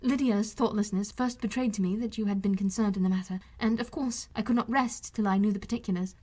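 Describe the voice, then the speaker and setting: A woman voicing a spirited, candid young lady in an audiobook, speaking in a lively, earnest manner. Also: mid-range voice, quick pace, lightly acted. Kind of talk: audiobook character reading.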